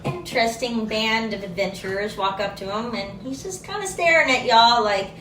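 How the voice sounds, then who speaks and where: Bright-voiced woman running a tabletop game. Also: fairly high pitch, expressive, moderate pace, reverberant, distant mic, slight background noise, rough recording. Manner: narrates scenes and voices townsfolk. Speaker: dungeon master.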